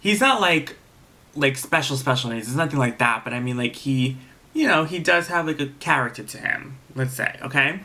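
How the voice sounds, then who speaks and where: A man's voice: mid-range voice, lively intonation, normal speed, bright, forceful tone. A man casually recapping and reviewing a reality TV episode. He rambles, restarts his sentences and swears freely. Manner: rambling, many fillers and restarts.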